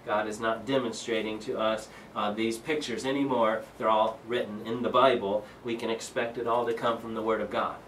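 A man's voice: fairly low pitch, steady tone, normal speed, few pauses, a bit bright, roomy sound, far from the mic, a little hiss or hum, poor audio. A man leading a Bible study, reading scripture aloud and explaining it earnestly, with many fillers and restarts. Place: church room.

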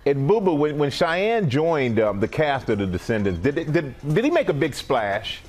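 A man's voice: fairly high pitch, big pitch swings, normal speed, darkish tone. A man co-hosting a morning TV interview, asking questions in a playful way. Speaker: TV show co-host.

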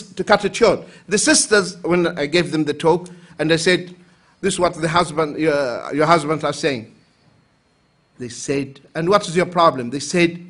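The speaker is a male Islamic lecturer from the UAE whose voice runs a little high. His conference talk is lively, packed with acted anecdotes in which he performs quoted voices to get laughs.

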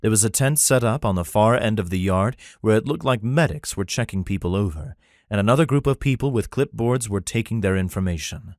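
A man narrating a fantasy romance audiobook in an even, plain storytelling manner. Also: on the low side, a little fast, no echo, clean studio sound. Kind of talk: scripted narration.

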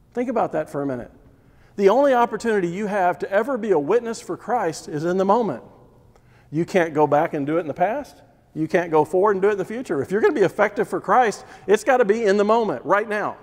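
Emphatic male preacher in a reverberant hall. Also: high-pitched. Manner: emphatic, repetitive preaching with rhetorical questions. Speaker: Bible teacher. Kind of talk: sermon. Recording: long reverb of a large hall.

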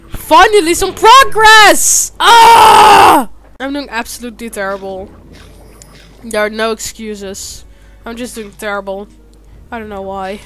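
A woman with a high voice hosts a let's play gaming video, commentating over her game while swearing heavily and frequently erupting in shouted, frustrated outbursts.

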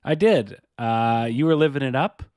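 A man's voice: medium pitch, expressive, moderate pace, a little mellow, no room sound. A man co-hosting a podcast in casual chat, with a dry, wry, easygoing manner. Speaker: podcast co-host.

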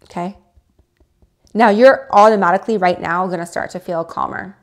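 Speaking at normal speed in a medium pitch, a livestream host takes her viewers through things step by step in a relaxed setting. She coaches, shows the tapping, and voices what's going on in their heads.

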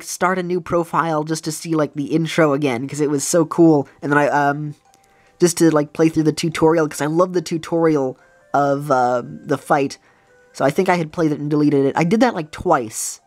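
A woman's voice: low voice, a little mellow, no echo. A woman hosting a let's play, talking in casual, rambling gameplay commentary with many restarts and fillers.

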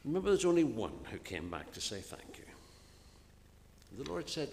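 A man preaching an earnest sermon in a church, often dropping to a soft, hushed voice on key phrases. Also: medium pitch, big pitch swings, normal speed, creaky, slight background noise. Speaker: minister preaching. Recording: long reverb of a church hall, faint ambience.

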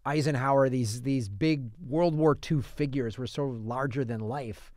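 A man's voice: mid-range voice, measured pace, a little mellow, dry recording, clean studio sound. Man chatting on a podcast, rambling. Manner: rambling, lots of fillers and restarts. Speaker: podcast co-host, film reviewer. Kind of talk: casual chat. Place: podcast studio.

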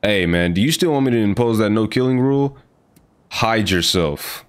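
A young man giving casual, excitable gameplay commentary, joking and trash-talking. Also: lowish voice, moderate pace, smooth. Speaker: gaming video host.

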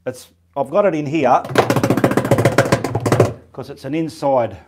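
A man's voice: medium pitch, takes it slowly, over loud music. A man talking casually through a live painting demonstration, chatting as he works and muttering to himself between steps. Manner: chatty, casual, talks while working. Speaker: painting instructor. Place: home studio, indoors.

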